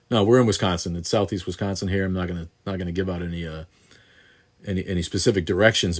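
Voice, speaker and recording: A man in his sixties runs a casual live Q&A stream from his home studio in southeast Wisconsin. His low, deep voice holds a steady tone at a brisk pace. Answering viewer questions, he rambles with frequent restarts, lots of fillers, and blunt profanity.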